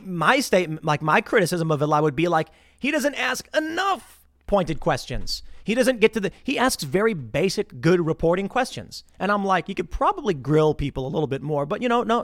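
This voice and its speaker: A podcast host in his thirties delivers political commentary as an animated rant, acting out heated bar arguments. His voice sits high and brisk with hardly any pauses, recorded studio-quality with no echo.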